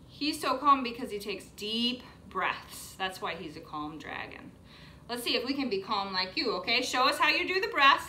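A woman's voice: on the high side, bright, forceful tone, slight background noise. A woman teaching a yoga class for young children in a sing-song, encouraging, playful way. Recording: echoey room, mic at a distance.

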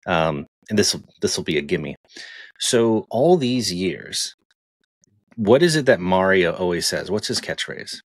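A man co-hosting a casual tech podcast, chatty and animated, laughing easily as he talks. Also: deep voice, unhurried, no echo. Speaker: podcast co-host.

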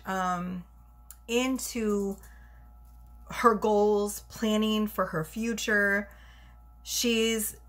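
Out of breath just a little, a woman with a somewhat bright, mid-range voice does a casual tarot reading. She talks in a chatty, wandering way and keeps revising what she's said.

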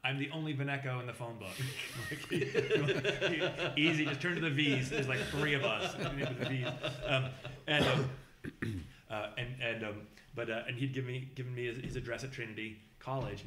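A man spins a long story in casual chat, stumbling through fillers and restarts and slipping into the voices of the people he quotes. His voice sits at an ordinary middle pitch. The room around him is echoey. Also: moderate pace, noisy background. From Boston, USA. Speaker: podcast guest telling a travel story.

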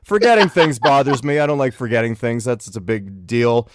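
A man's voice: medium pitch, a little fast, no echo, studio quality. A man and musician delivering a comedic rant, sounding exasperated and breaking into chuckles between complaints. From Canada. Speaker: musician and regular ranter.

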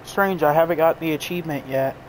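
Young male streamer, slightly high voice, rambling chatter, faint background noise. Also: brisk, rough recording. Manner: rambling, run-on storytelling. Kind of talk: casual chat while gaming.

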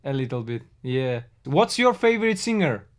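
A man's voice: mid-range voice, big pitch swings, moderate pace. A man from Russia with a Russian accent, chatting in a friendly way with strangers on a video call. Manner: friendly, teaching words, breaks into song. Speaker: musician host. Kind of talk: casual video chat.

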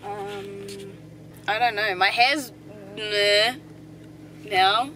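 A woman's voice: medium pitch, fairly even intonation, drawn-out words, sharp tone, a little hiss or hum, poor audio. A young woman joking around with her friend in casual chat. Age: young adult. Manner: goofy, joking, giggly. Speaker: friend of the vlogger.

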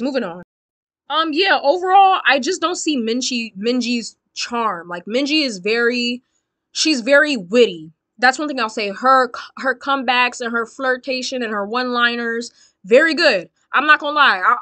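Sassy, blunt young woman with a bright voice. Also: sits high, no echo. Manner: blunt, sassy, swears a lot. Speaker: reality show commentator. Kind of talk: casual vlog commentary.

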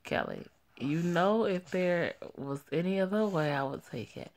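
Woman voicing a gravelly male crime boss, low and commanding, for a homemade story drama. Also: a little slow. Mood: firm. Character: stern man, head of a gang. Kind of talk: amateur voiced story drama.

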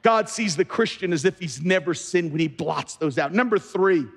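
A man's voice: high voice, lively intonation, normal speed, gravelly, few pauses. A man preaching a sermon as pastor in a large church, emphatic and often repeating words as he starts sentences. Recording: long reverb of a large hall.

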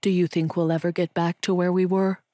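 Brief: woman narrator doing an earnest, wounded businessman boss, subdued, lowish voice, dry close sound. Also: little pitch movement, brisk, dark tone, no room sound, close to an everyday voice.

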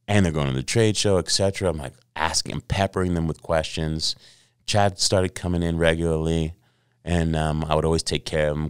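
A middle-aged man on a podcast, telling a lively story with lots of swearing and acted-out quotes. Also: low voice, normal speed, clear, resonant tone, no echo, studio quality. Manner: animated storyteller, acts out quotes, swears freely. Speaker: podcast guest. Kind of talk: casual storytelling.

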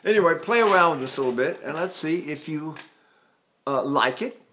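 Older man, voice teacher, fairly high voice, chatty and self-mocking, sung vowel examples. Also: expressive, brisk, bright, forceful tone, slight background noise. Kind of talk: spoken vocal lesson with sung demonstrations.

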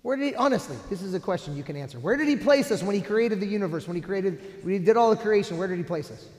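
A man's voice: high voice, animated, quick pace, few pauses. A man, a priest, preaching a sermon with emphatic delivery and rhetorical questions to his congregation. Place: church sanctuary. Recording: roomy church echo with long reverb.

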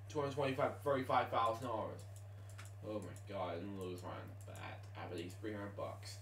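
At home late at night, a man mutters casual gameplay commentary, groaning in exasperation while keeping quiet so others can sleep. His voice is medium in pitch and fairly bright, but he sits far from the mic in an echoey room, with slight background noise.

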